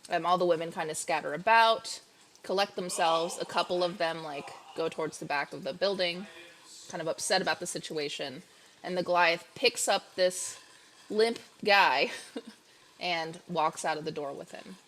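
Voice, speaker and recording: A woman's voice: fairly low pitch, normal speed, a bit bright, slight background noise. A woman narrating as game master in a casual, chatty way full of fillers.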